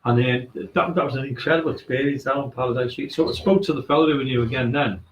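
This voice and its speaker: A man's voice: medium pitch, fast talker. A man, a guest on a radio show, telling a ghost story in a rambling way and acting out what each person said. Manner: acts out quoted dialogue, rambling. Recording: echoey room.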